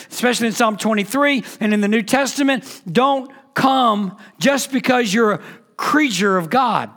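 A man's voice: extremely high pitch, normal speed, a bit bright. A man preaching a sermon, emphatic and repetitive, asking rhetorical questions and leaning on key phrases.

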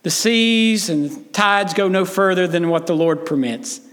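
A pastor delivers an earnest, emphatic sermon, speaking straight to his congregation. His man's voice sits very high. The sound rings with a long reverb from the church hall. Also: a little slow, a bit bright. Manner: earnest, emphatic preaching with direct appeals to listeners.

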